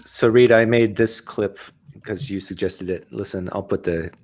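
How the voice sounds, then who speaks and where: Man, low voice, poker host, chatty, faint noise behind. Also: moderate pace. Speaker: poker game host and streamer. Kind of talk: casual chat over online poker.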